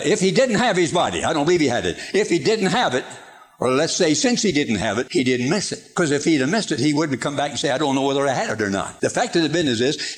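Older guy preaching, folksy and emphatic, voice jumps up and down a lot. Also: a little high. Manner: folksy, emphatic, repeats himself. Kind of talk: sermon.

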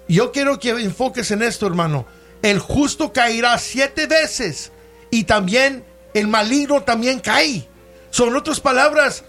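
A man's voice: extremely high pitch, fairly bright tone. A man preaching a bilingual sermon, switching between English and Spanish and calling out for amens from the congregation.

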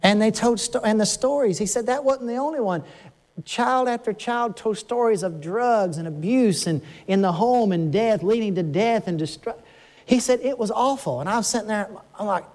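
Older pastor, man, fairly high voice, emotional sermon delivery with frequent restarts. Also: moderate pace, a little mellow. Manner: emotional, rising pitch when stirred, frequent restarts.

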